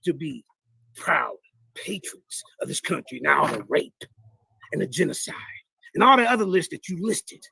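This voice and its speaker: A streamer trash-talks his opponents in live commentary on debate clips, boastful, mocking, and repetitive, calling his viewers "y'all." His high, lively, gravelly voice swoops up and down, sounding cocky and relentless, at a moderate pace with frequent pauses.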